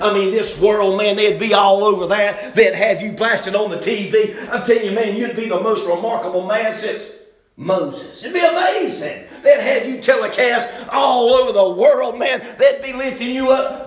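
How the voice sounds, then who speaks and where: A man preaching a sermon in a folksy, animated way that swings from loud bursts to low asides. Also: reverberant.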